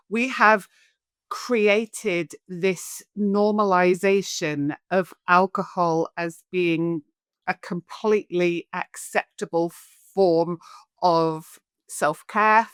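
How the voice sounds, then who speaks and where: A woman in her forties with a Scottish-tinged English accent, a guest on an interview, telling her story in an animated way and acting out the voices she quotes. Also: on the low side, smooth, no room sound, clean studio sound. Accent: Scottish with English influence. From Scotland. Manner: animated, acts out quoted voices, lists things off. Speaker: guest, alcohol coach.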